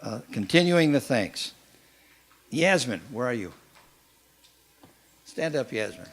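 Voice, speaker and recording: Older man as organizer, mid pitch, halting and plain delivery. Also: big pitch swings. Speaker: event organizer. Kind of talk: informal announcements at a gathering. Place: meeting hall.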